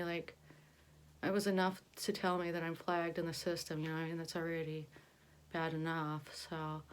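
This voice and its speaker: A woman's voice: on the low side, clear, resonant tone. A young woman telling a story in a casual vlog, rambling with many fillers and restarts. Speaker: vlogger.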